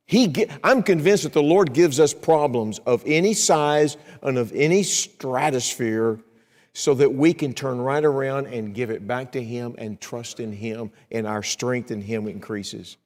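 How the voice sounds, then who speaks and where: A middle-aged man preaching in a church, his voice at an ordinary middle pitch. He acts out prayers in a rising, pleading tone and drops to a near hush when he talks about himself. The voice rings with a long reverb through the sanctuary. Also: measured pace. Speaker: evangelist. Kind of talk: sermon.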